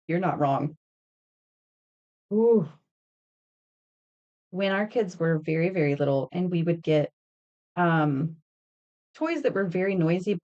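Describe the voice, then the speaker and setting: A woman in her thirties chatting casually with viewers while making earrings on a live stream, telling stories and laughing. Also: fairly low pitch. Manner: chatty, laughing, reading and answering chat. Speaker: craft streamer.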